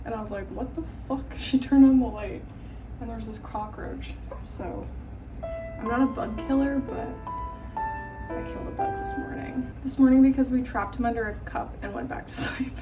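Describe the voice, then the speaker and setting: A woman's voice: fairly high pitch, moderate pace, rough recording. A young woman chatting casually through a travel vlog outdoors, bubbly and self-mocking, tired from the heat. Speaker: vlogger. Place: outdoors on city streets. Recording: loud background music.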